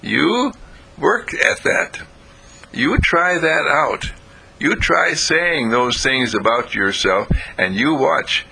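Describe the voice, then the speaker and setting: A man doing a slow, gravelly spiritual teacher. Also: on the high side, animated, sharp tone, slight background noise, pitched above the performer's own voice, full character voice, rough recording. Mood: insistent. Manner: slow, measured, earnest. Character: calm patient male spiritual teacher. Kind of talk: storytelling with voices.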